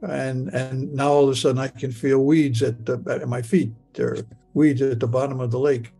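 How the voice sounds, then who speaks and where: An older man from Michigan telling a personal story of nearly drowning, in a halting way that stumbles and repeats words as he relives it in the present tense. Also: medium pitch, level tone, creaky, mellow, husky, faint music behind. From Michigan, USA. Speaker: interviewee recounting a near-death experience.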